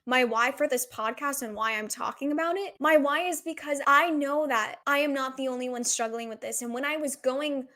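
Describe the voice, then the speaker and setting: A young woman in her twenties talks on her own podcast in a slightly high voice. She sounds earnest and reflective and keeps asking herself questions as she works through her thoughts. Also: steady tone, moderate pace, few pauses, bright, forceful tone. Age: 20s. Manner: earnest, reflective, uses many rhetorical questions. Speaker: podcast host. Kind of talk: solo podcast talk.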